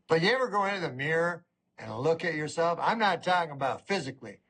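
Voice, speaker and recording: A middle-aged man doing a stand-up comedy routine, rambling with a deadpan delivery. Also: on the high side, fairly quick.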